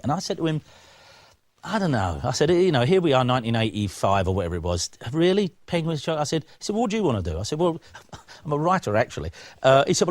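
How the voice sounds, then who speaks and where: Male interview guest, lively storyteller who does the voices, wide pitch swings, dry studio. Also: fast, no room sound. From England. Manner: acts out voices in his stories, lively and chatty. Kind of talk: animated anecdotal storytelling.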